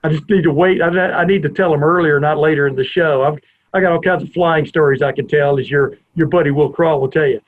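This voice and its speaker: Over a tinny, phone-like line, a podcast host tells a long, rambling anecdote from his family room at home. His voice is a little high and quick, and he keeps drifting off into tangents as a digressive storyteller.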